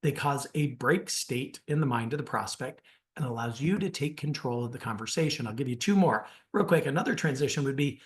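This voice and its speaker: A man teaching a sales webinar as a real estate coach, energetic and emphatic, often calling his listeners guys. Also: mid-range voice, a little fast. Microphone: online webinar.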